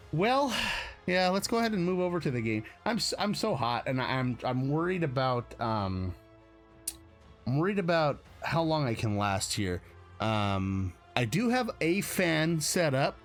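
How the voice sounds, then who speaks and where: Very animated yet measured in pace, an American man with a slightly high voice hosts a live stream with faint music in the background. His chat is casual and rambling, full of self-corrections and frequent chuckles.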